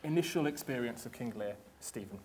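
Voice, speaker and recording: A man chairing a theatre panel before an audience, speaking politely with many pauses and fillers. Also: mid-range voice, lively intonation, a little mellow, a little hiss or hum. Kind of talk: hosting a stage talk.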